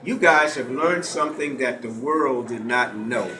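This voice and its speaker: A middle-aged man from the Gullah Geechee coast of the US, a lecturer and author, gives a lecture to a live audience indoors in a college hall and leads call-and-response. He speaks at a measured pace in a mid-range voice, and the echoey hall carries faint ambience and background noise.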